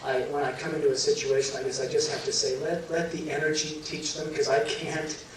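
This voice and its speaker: A middle-aged man with a fairly high voice tells a personal story to a live audience, halting and restarting as emotion catches him. He sounds far from the mic in a very echoey hall, with steady room noise behind him. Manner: halting, many restarts and fillers, choking up at times. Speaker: guest telling his near-death story.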